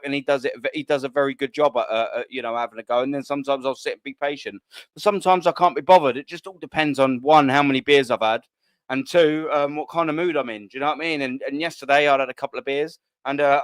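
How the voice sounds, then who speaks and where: A man's voice: a little high, fairly bright tone, clean tone, no room sound. A man, hosting a live stream, reading viewer comments and bantering bluntly with plenty of swearing. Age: 30s. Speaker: host.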